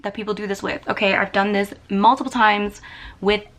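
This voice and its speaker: A woman's voice: mid-range voice, fairly even intonation, a little fast, a bit bright. A young woman from Canada ranting to camera in a vlog, exasperated and emphatic, firing rhetorical questions. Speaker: YouTuber.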